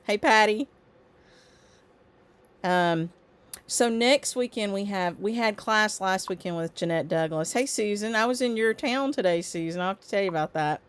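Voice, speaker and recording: A woman's voice: mid-range voice, moderate pace, clear, resonant tone. A woman hosting a casual stitching livestream, chatting loosely with lots of ums and greeting viewers by name as their comments come in. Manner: chatty, rambling with frequent ums. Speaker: livestream host. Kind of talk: casual live-stream chat.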